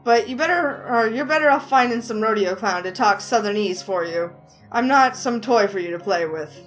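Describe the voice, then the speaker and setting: A woman's voice: on the high side, lively intonation, a little fast, fairly bright tone, soft background music. Woman doing Ted, a polite Southern drawler. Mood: defensive. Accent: Southern US (Alabama). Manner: formal, drawling, defensive. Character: polite young Southern man, proud and touchy. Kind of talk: reading a visual novel aloud.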